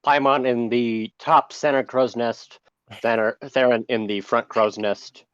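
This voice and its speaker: A man's voice: mid-range voice, steady tone, measured pace, smooth, no room sound. Male tabletop player, joking asides, muffled lo-fi mic, dry room. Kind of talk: casual game table chat. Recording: dull, dry lo-fi sound.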